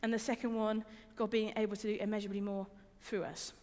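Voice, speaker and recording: In a reverberant hall, a young adult woman gives a casual, personal sermon in a flat, quick, slightly mellow voice of medium pitch. As a preacher, she repeats words often and keeps asking her listeners questions.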